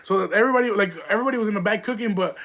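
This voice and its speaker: A young man with a notably high voice for a man tells loose, rambling stories on his podcast. He talks in slang, swears freely and fills his sentences with "like" and "um." It is an easygoing, solo monologue. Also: rapid-fire, fairly bright tone. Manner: rambling, profane, slangy, lots of fillers. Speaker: podcast host. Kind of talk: casual storytelling monologue.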